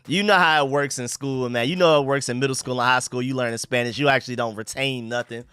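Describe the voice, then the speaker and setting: Talking fast in a steady, bright, forceful voice of medium pitch, a young man from the United States runs a sports livestream. He reads viewer comments in slang-filled, rambling chat with restarts, and the audio is clean studio sound with no room sound.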